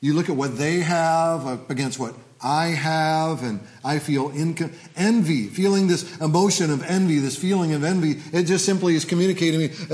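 A man's voice: fairly high pitch, moderate pace, few pauses, darkish tone. A male pastor preaching a sermon in a church, repetitive and leading the congregation in call-and-response, with frequent fillers.

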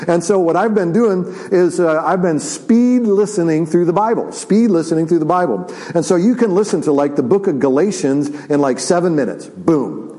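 A man preaching a sermon as pastor, chatty, with lots of restarts and tag questions, slowing down and quieting for solemn points. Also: on the high side, expressive, low-quality recording. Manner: conversational with repeated restarts and "right?" asides; drops to slow, quiet, drawn-out delivery for solemn points.

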